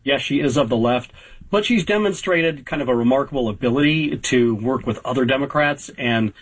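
A man in his fifties, a political reporter, giving measured, analytical answers as a talk show guest, with frequent fillers. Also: mid-range voice, slightly rough, low-quality recording. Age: 50s.

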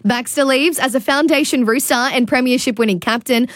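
Woman reading radio news, crisp and even. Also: sits high, brisk, dry recording, clean studio sound. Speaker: newsreader.

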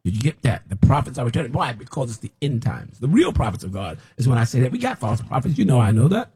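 A man's voice: medium pitch, very animated, fast talker, mellow, breathy edge. A man preaching an unscripted, scolding sermon as a self-described prophet, repeating himself as he presses his point.

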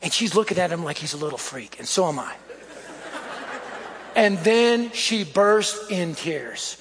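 Very high-voiced preacher in an echoing hall. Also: male voice, animated, measured pace, slight background noise. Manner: storytelling, exhorting, punchy lists. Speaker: pastor. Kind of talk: sermon. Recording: echoey hall.

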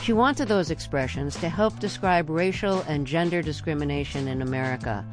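A woman announcer reading a calm, measured show promo. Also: low-pitched. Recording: music under voice.

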